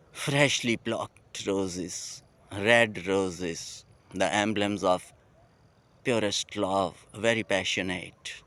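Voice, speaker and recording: A man with a Pakistani English accent talks in a slow, unhurried way, lingering on each phrase. His lowish voice sounds smooth and clear as he muses aloud in a poetic, heartfelt monologue outdoors at night. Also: fairly bright tone. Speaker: vlogger.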